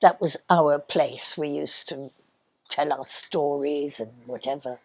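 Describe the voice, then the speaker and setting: An older woman telling childhood stories in an interview, speaking softly and sometimes dropping to a near whisper. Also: deep voice. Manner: soft, unhurried, drops to a near whisper. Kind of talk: reminiscing storytelling.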